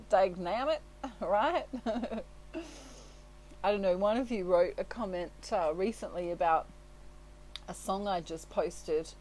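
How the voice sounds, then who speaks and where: A chatty woman talks through a tarot reading at a middle pitch, like a relaxed one-on-one chat. She sounds reassuring, often breaks into laughter and keeps checking in with little tags. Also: slow, pauses often, slight background noise, poor audio. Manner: leans on tags like "right?" and "you know". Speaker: tarot reader. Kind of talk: casual spoken tarot reading.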